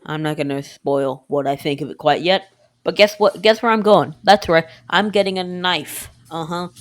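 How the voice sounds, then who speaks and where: Low-voiced woman rambling through a cooking vlog. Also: normal speed. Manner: rambling, jokey, keeps saying "anyway"; talks to self and the viewer. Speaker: home cooking vlogger. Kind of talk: casual cooking video chat.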